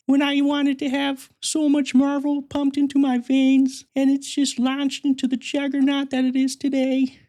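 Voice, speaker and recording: A man's voice: very high voice, dark tone, pitched above the performer's own voice. A man voicing a pompous, nerdy male superfan podcaster who brags, rambles and giggles. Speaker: fake guest.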